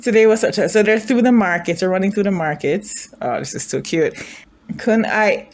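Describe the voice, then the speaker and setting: A woman's voice: on the low side, normal speed, a little mellow. Woman, drama reaction vlogger, casual, chatty, emotional, thinks aloud. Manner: chatty, thinking aloud, asks viewers questions; emotional, gushing.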